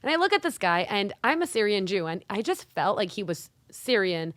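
A young adult woman co-hosting a podcast in casual chat, an animated storyteller who acts out the dialogue. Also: mid-range voice, a little fast, no echo. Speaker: podcast co-host.

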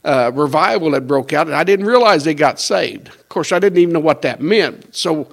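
A man's voice: a little high, lively intonation, normal speed, gravelly. Folksy older pastor telling his testimony. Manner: storytelling with quoted dialogue and chuckles. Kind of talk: conversational personal testimony.

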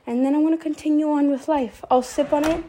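High-voiced woman, rambling confessional. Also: fairly even intonation, quick pace, warm tone. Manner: rambling, heartfelt, self-correcting. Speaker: voice memo host. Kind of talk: personal confessional monologue.

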